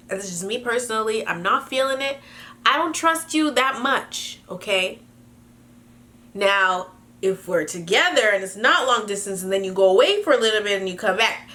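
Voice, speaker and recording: A woman's voice: a little high, bright, forceful tone. A young woman from Canada reading viewer emails aloud and giving blunt, sassy advice in a casual chat, swearing freely.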